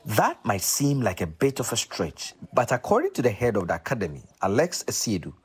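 A man, presenting a radio documentary in an earnest, measured storytelling voice. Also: on the low side, wildly swooping pitch, slightly rough. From Ghana. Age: 30s.

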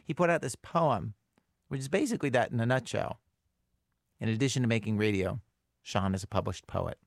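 A man hosting a radio show, introducing a guest and poems in a measured, wry way from a studio. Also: mid-range voice, creaky, no echo. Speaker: radio host.

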